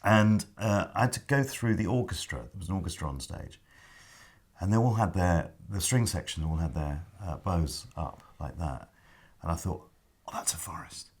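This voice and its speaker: Husky, low-voiced man telling stories. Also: moderate pace. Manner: animated anecdote-telling, acts out his own past lines. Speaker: actor guest. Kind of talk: storytelling in casual chat.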